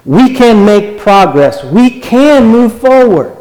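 A man preaching in a slow, deliberate sermon. He exhorts his listeners earnestly and often repeats his phrases. His slightly high voice rings with a long hall reverb. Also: very animated, darkish tone.

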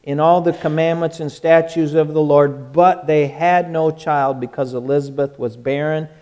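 A man's voice: on the high side, steady tone, moderate pace, warm tone, smooth. Folksy joking male pastor. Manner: folksy and joking, with many restarts. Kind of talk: conversational sermon.

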